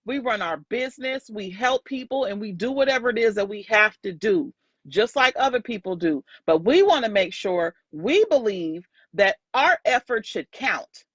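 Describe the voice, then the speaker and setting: A woman's voice: mid-range voice, expressive, moderate pace, slightly rough, dry recording, muffled recording. A woman host and sales coach giving an emphatic, preachy motivational faith talk that repeats lines for effect.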